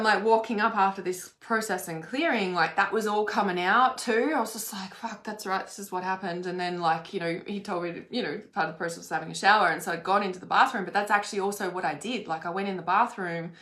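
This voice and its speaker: Woman, casual storytelling, rambling, swears often, lots of "like", mid pitch, echoey room. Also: fairly bright tone. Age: adult. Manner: rambling, fillers like "like", frequent swearing. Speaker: spiritual vlogger. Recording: roomy echo.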